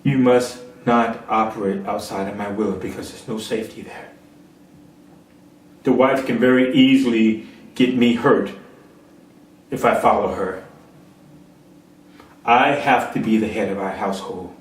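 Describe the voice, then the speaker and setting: A man preaching a sermon, telling a parable and rising to emphatic peaks. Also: lowish voice. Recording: echoey room, far from mic.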